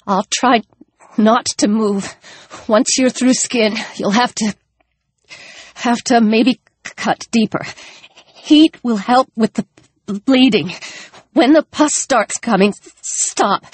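A woman's voice: fairly high pitch, expressive, takes it slowly, pauses often, breathy edge, no room sound, pitched above the performer's own voice, full character voice. Breathless stammering hurt guy as a lady reader puts him on, pleading, raised voice, dry close sound. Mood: desperate. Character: wounded feverish young man, desperate and gasping.

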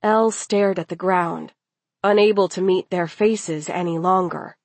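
A woman reading a story aloud as narrator, in a steady, unhurried way. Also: lowish voice, slightly rough, no echo.

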